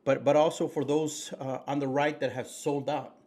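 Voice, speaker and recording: A man's voice: a little high, level tone, moderate pace, darkish tone. Folksy preachy man, fillers and restarts. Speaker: podcast co-host. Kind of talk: casual political chat.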